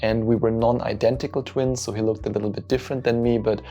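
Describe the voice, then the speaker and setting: A man's voice: medium pitch, flat delivery, fast, dark tone. A man who coaches people spiritually, telling an earnest, openly emotional personal story straight to camera.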